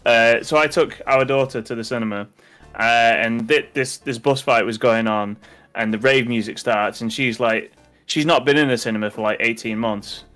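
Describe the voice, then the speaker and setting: Rambling British dad chatting casually. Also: male voice, mid-range voice, moderate pace, a bit bright, soft background music. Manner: rambling, lots of fillers and restarts. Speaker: co-host. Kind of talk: casual chat over gameplay.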